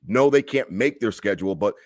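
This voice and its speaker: A man in his thirties with a lowish voice talks fast and bluntly about his team, stumbling and repeating himself as he makes his point. The sound is close and dry, with no room around it. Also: animated, a little mellow, dry recording. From Buffalo area fan living in Charlotte. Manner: blunt, opinionated, repeats himself when fired up. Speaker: podcast co-host. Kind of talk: casual sports talk.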